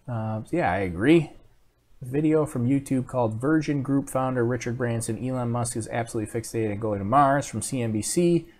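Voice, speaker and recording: A man's voice: mid-range voice, a little mellow. A man hosting a live stream, chatting casually and reading viewer comments, rambling with many fillers and restarts.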